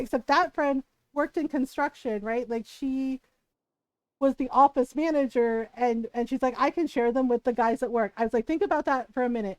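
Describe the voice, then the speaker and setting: A woman's voice: high voice, dry recording. A woman streamer chatting casually while gaming, animatedly retelling a story, acting out quotes and laughing often.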